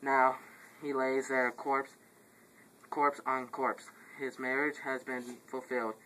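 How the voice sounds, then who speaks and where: A man's voice: mid-range voice, little pitch movement, slow pace, sharp tone, low-quality recording. A man playing a messenger in an amateur play, reading his long report with stumbles, restarts and stifled laughs. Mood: grim. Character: messenger reporting deaths to the royal house.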